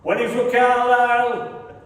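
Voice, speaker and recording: Teesside male stand-up, very high voice, foul-mouthed crowd roasting, heard from far off in a long-echo hall. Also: completely flat delivery, normal speed. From England. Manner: profane, rowdy, teasing the crowd. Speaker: stand-up comedian. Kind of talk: stand-up comedy routine. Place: large hall on stage.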